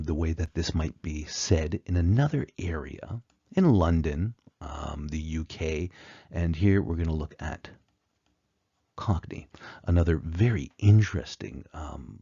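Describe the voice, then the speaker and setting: A man teaching an explanatory lecture, unhurried, with frequent pauses and fillers, on a dull, muffled recording. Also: extremely low pitch, mellow, husky, no echo.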